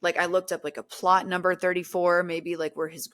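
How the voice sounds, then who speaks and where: A young woman telling a story in casual podcast chat, animated, acting out quotes with lots of fillers. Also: lowish voice, a little fast. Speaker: guest, paranormal content creator.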